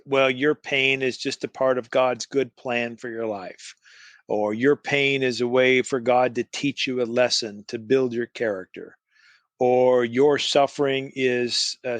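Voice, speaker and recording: Man guest on a podcast, theology author, explains steady, laughs easy, very dry sound. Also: medium pitch, no room sound. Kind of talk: interview answers.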